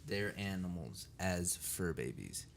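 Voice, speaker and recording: A young man with a very low voice co-hosts a podcast, joking and swearing in loose banter. His voice sits over faint background noise. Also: slow, creaky. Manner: animated, profane, jokey. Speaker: podcast co-host. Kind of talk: casual chat.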